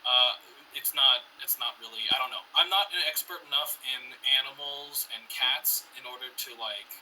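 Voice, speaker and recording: A man's voice: mid-range voice, moderate pace, pushed and bright, far from the mic, poor audio. A man co-hosting a podcast in casual chat, rambling, profane and sarcastic. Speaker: podcast co-host. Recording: off-mic with faint hiss.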